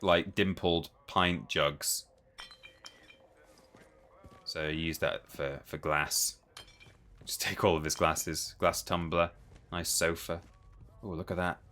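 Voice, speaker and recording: Male streamer, deep, crisp forward tone, chatty and musing over gameplay. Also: sharp tone. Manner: chatty, musing, self-interrupting. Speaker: livestream host. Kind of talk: live gameplay commentary.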